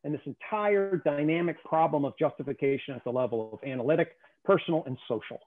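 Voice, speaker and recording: Brief: male guest, slightly high voice, emphatic explainer, thin telephone-like sound. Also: fast. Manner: emphatic, keeps checking in with "okay?". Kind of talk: conversational lecture on theory. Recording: tinny phone-like call audio.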